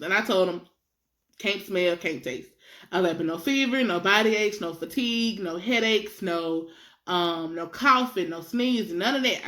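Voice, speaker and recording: A young woman vlogger telling a personal story in a casual, animated way, laughing often and using slang. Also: mid-range voice.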